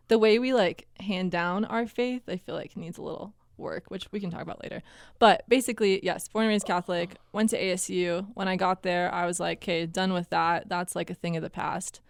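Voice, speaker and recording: A woman's voice: lowish voice, gravelly, clear, resonant tone, dry recording, studio quality. A young woman in her twenties from Wisconsin, a college missionary, talking in a cheerful, upbeat way and laughing easily. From Wisconsin suburbs. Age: 20s. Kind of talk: casual interview.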